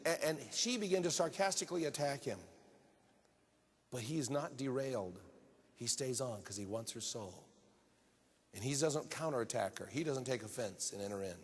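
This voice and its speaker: A man preaching a sermon earnestly, building to emphatic high-pitched peaks. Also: slightly rough. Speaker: pastor. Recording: long hall reverb.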